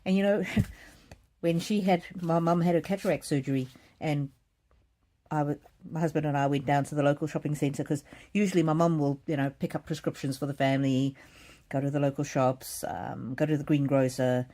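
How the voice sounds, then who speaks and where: Warm, low-voiced woman telling a heartfelt story. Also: steady tone, moderate pace. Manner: emotional, earnest, with frequent restarts and fillers. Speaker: card reader hosting a live stream. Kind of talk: heartfelt personal storytelling on a live stream.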